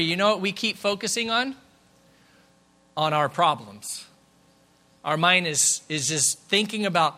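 A middle-aged pastor preaching in a church sanctuary in a high, bright voice. He talks to the congregation in a lively, conversational way and slips in quick asides. He sounds like he is speaking into a stage mic. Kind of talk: sermon.

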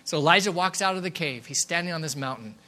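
A middle-aged man preaching a sermon in a church, lively and conversational, with quick asides to the congregation. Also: on the high side, noisy background. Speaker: pastor. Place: church sanctuary.

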